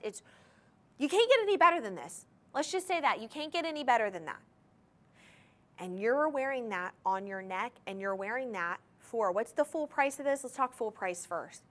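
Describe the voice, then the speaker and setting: An upbeat woman with a slightly high voice hosts a live jewelry sale on a shopping channel. She chats enthusiastically, talking directly to the viewers at home from a TV studio. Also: fairly bright tone. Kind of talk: live TV jewelry sales pitch. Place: TV studio with controlled lighting.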